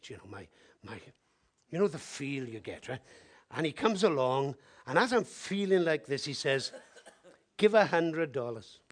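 A man from Wales, preaching in an animated storytelling style that swings between loud exclamations and hushed asides. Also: medium pitch. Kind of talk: sermon storytelling.

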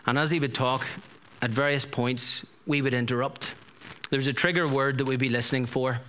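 A man's voice: mid-range voice, steady tone, brisk, fairly bright tone, a little hiss or hum. A middle-aged man preaching a sermon in a conversational, storytelling way, full of rhetorical questions.

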